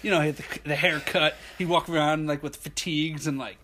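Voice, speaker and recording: A young man spins a school story in loose, casual chat. His voice sits a little high, and he acts out his friends' lines with lively energy. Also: brisk, slight background noise. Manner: animated, slips into impressions of friends.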